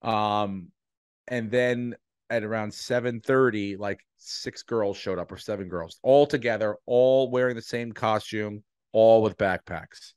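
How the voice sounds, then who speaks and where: A middle-aged man, a podcast co-host, telling a long animated story in casual chat, swearing freely and acting out the voices of people in it. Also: on the low side, measured pace, smooth, dry recording, studio quality.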